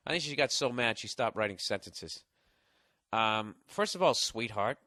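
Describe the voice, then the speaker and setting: A man's voice: a little high, normal speed, bright, forceful tone, no room sound, clean studio sound. A man hosting a podcast, delivering a sarcastic, mocking and profane comedic monologue. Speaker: podcast host.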